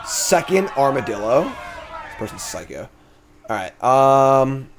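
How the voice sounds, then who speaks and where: A man casually commentating his own card game as a streamer, thinking out loud in a chatty way. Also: medium pitch, slow, slight background noise. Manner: chatty, thinks aloud, animated swings in energy.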